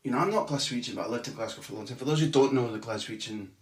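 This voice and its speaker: A man who is a football journalist guest, telling a long anecdote in a lively way with casual swearing. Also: mid-range voice, racing. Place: tiny bathroom. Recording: echoey small bathroom.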